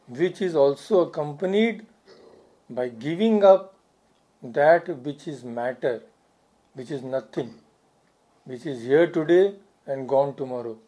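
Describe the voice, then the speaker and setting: A man speaks as a swami giving a spiritual talk. His voice sits somewhat high but sounds mellow. He is earnest and repeats key phrases for emphasis. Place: society hall.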